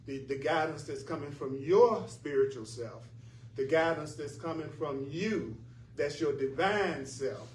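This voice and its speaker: A man's voice: fairly high pitch, darkish tone, a little hiss or hum. A man teaching a spiritual class in an earnest, emphatic way, often repeating his points. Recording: echoey room from far off, faint ambience.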